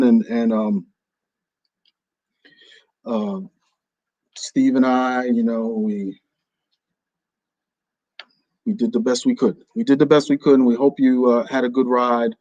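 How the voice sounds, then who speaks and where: A man's voice: medium pitch, little pitch movement, measured pace, pauses often, a little mellow, dry recording, low-quality recording. Male radio host from New Jersey, playful and hammy, plain dry close-mic sound. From New Jersey, USA. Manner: playful and theatrical, jokingly overdramatic. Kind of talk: casual radio talk.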